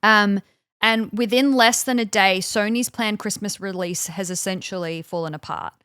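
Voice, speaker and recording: A woman co-hosting a podcast in casual conversation, telling a story with plenty of fillers and quick acted-out quotes. Her voice sits at an ordinary pitch and sounds close and dry, with no room around it. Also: a bit bright, clear, resonant tone, dry recording. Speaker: podcast co-host. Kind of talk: casual chat, recounting events.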